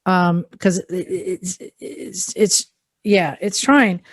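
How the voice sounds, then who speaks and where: A woman with a somewhat low voice chats casually on a podcast. She thinks out loud and hedges with frequent ums. The recording is dry and close. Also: takes it slowly, husky, dry recording. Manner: hedging, thinks aloud with many ums. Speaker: podcast co-host. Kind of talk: casual chat.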